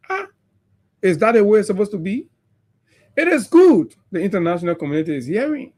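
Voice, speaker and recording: A man with a Liberian English accent, hosting a radio talk show and delivering impassioned political commentary full of mockery and rhetorical questions. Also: high-pitched.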